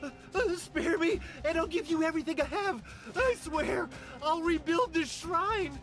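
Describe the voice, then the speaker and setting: A woman's voice: extremely high pitch, a little slow, music in the background, voice pushed up. A woman voicing a terrified mortal man who pleads and stammers, begging ghosts to spare him.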